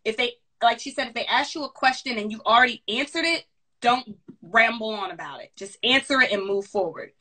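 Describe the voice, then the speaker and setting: Career advisor woman, quick and sassy, bright and fairly high voice. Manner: fast, animated and sassy. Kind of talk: casual advice chat.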